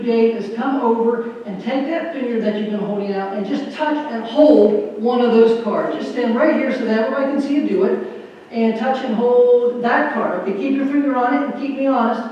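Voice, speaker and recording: A man's voice: very high-pitched, normal speed, lo-fi sound, a little hiss or hum. A man giving an earnest, folksy stage talk with a magic trick, joking with a church audience. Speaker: magician and motivational speaker. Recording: echoey hall from far off.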